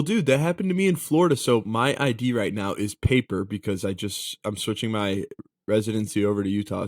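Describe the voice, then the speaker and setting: A man's voice: fairly low pitch, dry recording. Laid-back young man, dry close sound. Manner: laid-back, swears casually, says "dude" a lot. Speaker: podcast co-host. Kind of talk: casual chat.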